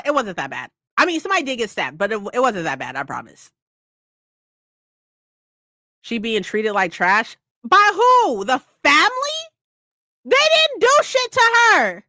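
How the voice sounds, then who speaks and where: A woman's voice: on the high side, normal speed, long pauses, no room sound, clean studio sound. A woman hosting a casual live-stream book club, ranting about a book with lots of swearing and frequent laughs. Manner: animated, profane ranting; laughs often.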